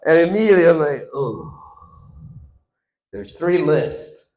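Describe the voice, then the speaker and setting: Stand-up comic, man, tenor-ish, animated delivery, roomy stage sound. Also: a little high, unhurried. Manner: animated, shifts between loud crowd-work and hushed asides. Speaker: stand-up comedian. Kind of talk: stand-up comedy storytelling. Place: stage in front of a live audience. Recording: echoey room.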